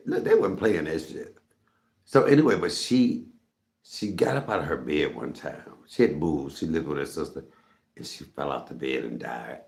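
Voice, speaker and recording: A middle-aged man casually telling a story to his viewers, animated and laughing, jumping up high in pitch when he retells what he said. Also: creaky. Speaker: storytelling host of a live stream.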